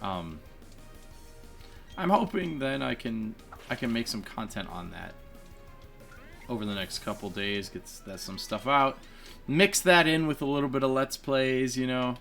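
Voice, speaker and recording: A man narrates his game session in a loose, chatty way and laughs at himself often. His voice is bright and clear, and his pitch swings freely from line to line. He sounds like he is recording at a home desk mic. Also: animated, unhurried, pauses often, soft background music. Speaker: let's play gamer. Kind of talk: casual gameplay commentary.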